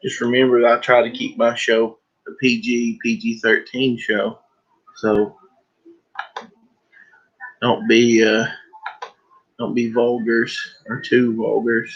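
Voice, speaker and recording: A man hosts a casual livestream, rambling and joking as he packs books. His voice sits at a middling pitch. The stream audio is dull and lo-fi. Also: monotone, slow pace, long pauses, breathy edge. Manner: joking, rambling, breaks into laughter. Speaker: livestream host. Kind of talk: casual live-stream chat.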